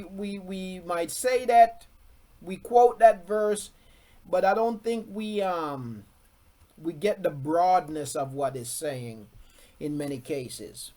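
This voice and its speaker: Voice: medium pitch, darkish tone. A Bible teacher leading a scripture lesson, repeating key words for emphasis and often checking in with "okay?". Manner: slow and deliberate, with frequent "okay?" check-ins.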